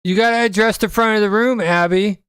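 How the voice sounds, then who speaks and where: A man's voice: high-pitched, fairly even intonation, fairly quick, a bit bright, clear, resonant tone, no echo. Sarcastic man hosting, dry sound. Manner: sarcastic and joking. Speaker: podcast host. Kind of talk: casual commentary.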